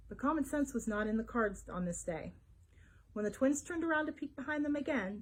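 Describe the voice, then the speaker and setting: A woman librarian reading a children's adventure book aloud, telling it expressively. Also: fairly high pitch. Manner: expressive storytelling. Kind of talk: storybook read-aloud for children.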